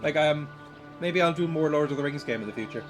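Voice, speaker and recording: A man's voice: fairly high pitch, quick pace. Rambling young man streaming a game. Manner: rambling, self-deprecating, stumbles and repeats words. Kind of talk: casual gameplay commentary. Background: game music.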